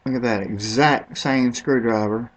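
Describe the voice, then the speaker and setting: In a steady, mid-range voice and at a slightly slow pace, a man rambles loosely over a product comparison in a casual screen recording. He's offhand throughout and unsure of a few pronunciations.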